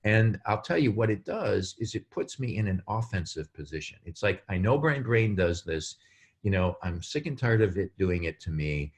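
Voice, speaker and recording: A man speaking as a guest on a podcast, explaining in an animated way and acting out quotes. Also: deep voice, moderate pace. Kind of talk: casual podcast chat.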